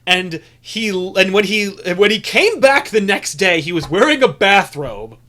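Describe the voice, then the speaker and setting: A man's voice: high-pitched, sing-song, a little slow, sharp tone. A young adult man co-hosting a podcast, telling a rambling story full of restarts in casual chat. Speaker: podcast co-host.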